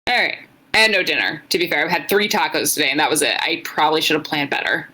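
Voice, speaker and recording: A woman co-hosting a podcast in casual chat, a bit tipsy, chatty and quick to laugh at herself. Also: sits low, pushed and bright, rough recording. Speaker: podcast co-host.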